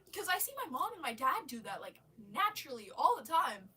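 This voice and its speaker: A woman telling a rambling story on a live stream, casual and animated, swearing and laughing often. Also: high voice, brisk. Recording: voice a bit far from the mic.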